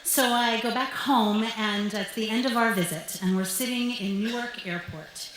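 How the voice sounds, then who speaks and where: A woman's voice: fairly high pitch, normal speed, fairly bright tone. A young woman tells a true story live on a club stage into a microphone, with wry comic timing and an upbeat manner. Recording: heavily echoing club, faint hiss.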